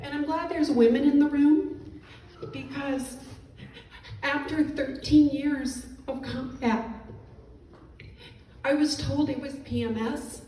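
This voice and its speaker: A middle-aged woman veteran giving an emotional personal testimony, halting and apologetic as she fights back tears. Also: sits high, fairly even intonation, mellow. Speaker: veteran speaker. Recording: echoey room, distant mic, faint noise.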